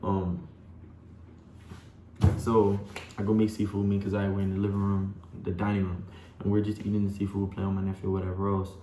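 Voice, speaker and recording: A young man speaks in a low, dark voice, rambling through a personal story and talking straight to his viewers. His delivery stays fairly flat, and the room around him is echoey with a faint hum. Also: a little fast, pauses often. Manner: rambling, full of "like" and "you know", addresses viewers as y'all. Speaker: vlogger.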